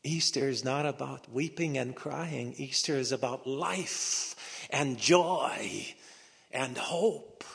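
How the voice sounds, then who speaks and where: A male pastor preaching a sermon with dramatic delivery, dropping to hushed whispers and rising to emphatic peaks, slow and deliberate with repeated phrases. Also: medium pitch, vocal fry, husky. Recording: long hall reverb.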